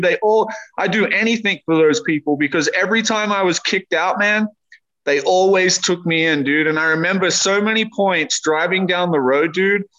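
Podcast host, male, earnest and emphatic, casual slangy delivery; slightly high voice, muffled lo-fi audio. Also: pushed and bright. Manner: earnest, emphatic, says dude and man often. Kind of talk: candid faith podcast conversation.

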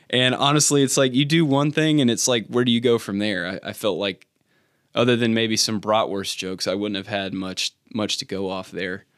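A man's voice: fairly low pitch, normal speed, clear, resonant tone, no room sound. Chatty male sports podcast host. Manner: punny, animated recap, then rambling chat with restarts. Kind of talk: casual sports chat with scripted recap.

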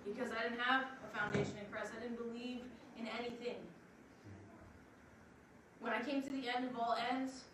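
A woman from Long Island, New York giving an earnest, emphatic spoken testimony to a congregation, with drawn-out pauses. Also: fairly high pitch, level tone. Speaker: program assistant director giving testimony. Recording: very echoey hall, distant, noisy.

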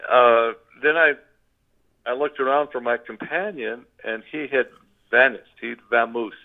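A man's voice: mid-range voice, measured pace, vocal fry. An older man telling a long story as a guest, rambling and restarting his sentences. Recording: tinny phone line.

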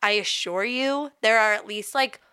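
A young woman co-hosts a podcast, chatting casually, rambling and swearing freely. Her medium-pitched voice is bright, forceful, clear and resonant at a normal speed, recorded in clean studio sound with no room tone.

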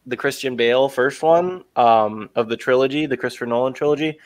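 A man's voice: mid-range voice, brisk, dry recording. Young man, casual podcast chat, dry close sound, retells scenes with playful impressions. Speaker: podcast co-host.

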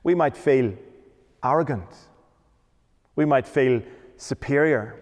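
A man's voice: medium pitch, slow pace, a little mellow. A man preaching a sermon, emphatic, often asking rhetorical questions. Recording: long hall reverb.

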